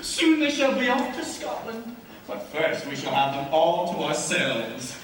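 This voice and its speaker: A male actor playing an excitable, bossy young college gentleman in a stage play, speaking theatrically, recorded from far off in an echoey hall. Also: a little high, measured pace, slight background noise. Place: school stage in a large hall.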